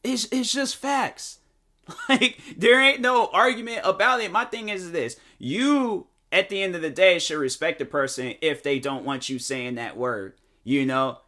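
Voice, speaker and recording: A man talking in a casual opinion vlog, animated and slangy with lots of fillers. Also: on the high side. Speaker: vlogger.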